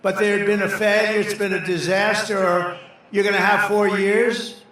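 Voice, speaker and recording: A man's voice: high voice, little pitch movement, normal speed, a bit bright. A man giving a rambling, off-the-cuff campaign rally speech, repeating phrases for emphasis. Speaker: political candidate at a campaign rally. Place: large rally venue with a crowd. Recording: very echoey venue with crowd noise.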